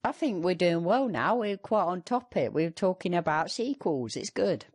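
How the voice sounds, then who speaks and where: Lively young man rambling. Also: high-pitched, normal speed. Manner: rambling, filler-heavy, sarcastic. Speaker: podcast co-host. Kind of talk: casual banter.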